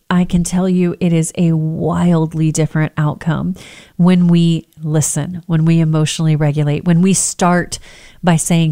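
A woman who works in healthcare, giving calm, earnest, emphatic advice to parents. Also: on the low side.

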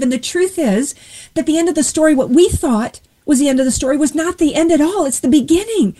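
Woman, high voice, warm mellow tone, earnest faith testimony, retells scripture. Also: animated, quick pace, rough recording. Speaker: guest sharing testimony.

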